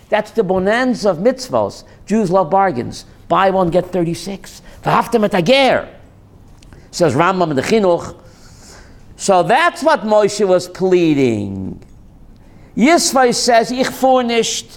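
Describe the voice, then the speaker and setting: A man, a rabbi, giving a joking Torah class to a live audience and putting questions to them. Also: high voice.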